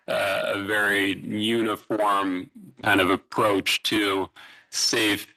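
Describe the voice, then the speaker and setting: A man with a lowish, bright and forceful voice gives a slide presentation at a public city meeting. He explains step by step, stopping often to restart a phrase. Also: rough recording. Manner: halting, fillers and restarts, explanatory. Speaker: utility presenter. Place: city hall meeting room.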